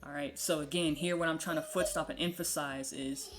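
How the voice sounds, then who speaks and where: A woman with a deep, fairly evenly inflected voice speaks briskly over background noise. She's teaching the Bible casually from her home, a puppy close by, saying "um" a lot and checking in with "right?".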